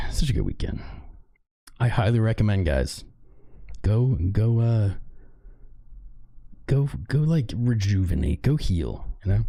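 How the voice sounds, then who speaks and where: A man with a hoarse, worn-out voice hosting a livestream, loosely and playfully calling out viewers by name. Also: fairly low pitch, lively intonation, moderate pace, long pauses, mellow. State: hoarse, voice mostly gone. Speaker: crypto trading livestream host. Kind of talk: casual livestream chat.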